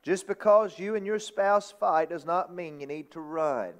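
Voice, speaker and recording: A man's voice: on the high side, measured pace. A man preaching a sermon as pastor, reading scripture aloud and driving points home with emphatic repetition and sudden raised outbursts. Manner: reads scripture in King James wording. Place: church sanctuary.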